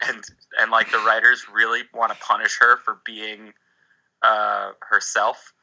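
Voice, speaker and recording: A man's voice: fairly low pitch, level tone, unhurried, creaky, pushed and bright, a little hiss or hum, low-quality recording. A man co-hosting a podcast, chatting casually about a TV show with lots of restarts and blunt swearing. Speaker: podcast co-host. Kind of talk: casual chat recapping a TV show.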